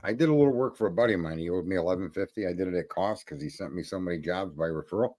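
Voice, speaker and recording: A man's voice: low voice, rapid-fire, a little mellow. A man hosting a live stream, chatting and telling stories in a blunt, profane, rambling way. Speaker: stream host. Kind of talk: casual chat.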